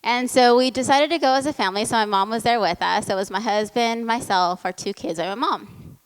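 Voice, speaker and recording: A woman giving a motivational talk and telling a family story in a lively way. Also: fairly high pitch, brisk, clear, resonant tone. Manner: lively storytelling, acts out the voices in quotes. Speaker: motivational speaker. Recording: long hall reverb.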